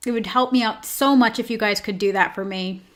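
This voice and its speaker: This host's voice is medium in pitch, steady in tone, brisk, and a bit bright. She chats casually on her own show, sprinkling in many fillers and humorous asides.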